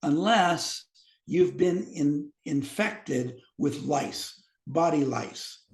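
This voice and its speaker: A man's voice: a little high, drawn-out words, creaky. Man telling doctor stories in an echoey room. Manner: animated anecdotes, acts out quoted dialogue. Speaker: physician guest. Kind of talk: storytelling in a podcast interview.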